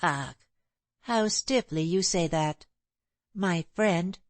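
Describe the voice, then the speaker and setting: A woman's voice: lowish voice, slow pace, no echo. A woman reading the part of a bold, scornful, free-spirited young woman in an audiobook, impetuous and proud. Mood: defiant.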